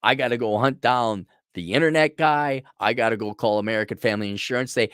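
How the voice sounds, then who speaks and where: A man's voice: mid-range voice, fairly quick, few pauses, a bit bright, smooth, no room sound, studio quality. A middle-aged man and consultant delivers a blunt, profane, exasperated rant to camera. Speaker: consultant and vlogger.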